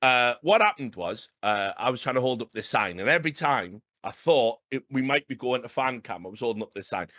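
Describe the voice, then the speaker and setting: Man in his thirties hosting a chat show, animated and sweary, with a bright, dry, close-up sound. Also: mid-range voice, brisk, hardly any pauses, dry recording. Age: 30s. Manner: animated, swears freely, frequent "right?". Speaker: podcast host. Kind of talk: casual storytelling chat.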